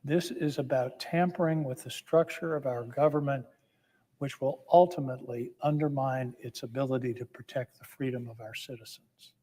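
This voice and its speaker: Impassioned senator in an echoing chamber. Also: male voice, mid-range voice, steady tone, normal speed, mellow. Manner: impassioned, emphatic, builds with repeated phrases. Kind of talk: formal floor speech. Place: legislative chamber. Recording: long reverb of a large chamber.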